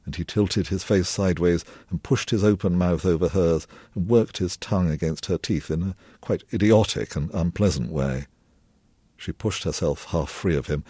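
A novelist reading a passage of his own fiction aloud in a measured, low-key way. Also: dark tone, husky, dry recording. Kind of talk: literary reading.

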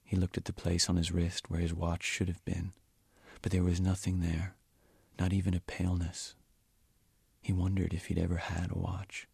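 A man reading from his novel in a measured, quiet way, at times almost whispering. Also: low-pitched, monotone, creaky, breathy edge, no echo, studio quality. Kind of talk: audiobook-style reading.

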